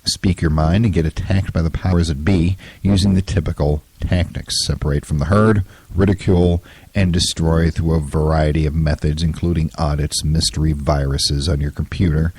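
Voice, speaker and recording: A man in his fifties with a hoarse, scratchy throat talks with a very deep, husky voice. He hosts a solo talk show in an opinionated, rambling way, full of ums and uhs. The recording is dry and close. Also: steady tone, normal speed, a little mellow, dry recording. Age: 50s. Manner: opinionated, rambling with many fillers. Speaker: podcast host.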